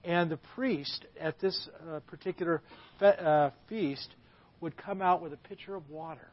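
A man's voice: on the high side, normal speed. A man as a guest preacher delivering a sermon, telling the story with dramatic emphasis. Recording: slightly muffled dry recording.

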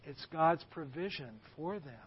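A man's voice: a little high, a little slow, slightly rough. A man as a guest preacher delivering a sermon, telling the story with dramatic emphasis. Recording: slightly muffled dry recording.

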